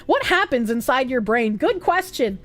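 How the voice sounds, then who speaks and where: A young woman streamer chatting casually and reading out donations, animated and swearing freely. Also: sits high, moderate pace.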